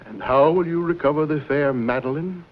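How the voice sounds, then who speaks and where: An actor playing a smooth, scheming villain who speaks with formal politeness and veiled threats, in a 1950s TV western drama. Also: male voice, on the high side, moderate pace, close to an everyday voice. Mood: smooth menace. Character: smooth scheming male villain, menacing behind polite manners. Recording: dull old TV soundtrack with faint hiss.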